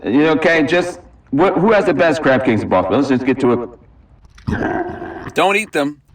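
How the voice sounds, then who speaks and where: A man hosting a comedy web show, teasing and fast, pitching his own services between comic bits. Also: animated. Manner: fast, jokey, teasing, self-promoting. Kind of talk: comedic host banter and mock ads.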